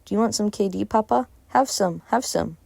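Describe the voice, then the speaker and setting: A woman's voice: medium pitch, normal speed, creaky, a little mellow, breathy edge, no room sound, voice pushed up. A woman voicing a frightened little boy who speaks with a Russian accent, pleading and earnest.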